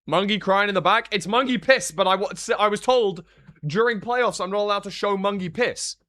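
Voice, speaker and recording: A young British man rambling on a live stream, swinging between deadpan sarcasm and excited outbursts. His voice sits high and sounds bright and forward, caught dry and close on the mic. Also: no echo. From Britain. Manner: joking, sarcastic, quick swings in energy. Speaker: streamer and analyst. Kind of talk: casual live-stream chat.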